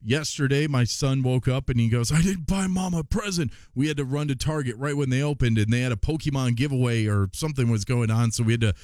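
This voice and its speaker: A man's voice: medium pitch, steady tone, fast talker, few pauses, darkish tone, no echo, clean studio sound. A man in his thirties hosting a radio show, telling a family story in a chatty, self-deprecating way with many fillers. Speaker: radio host. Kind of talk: casual on-air storytelling.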